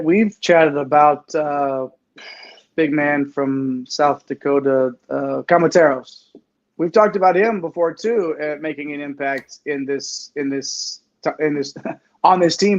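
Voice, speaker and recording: Upbeat high-voiced man hosting a sports show. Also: dull audio. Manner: upbeat, addresses live chat viewers. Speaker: podcast host. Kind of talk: casual sports chat.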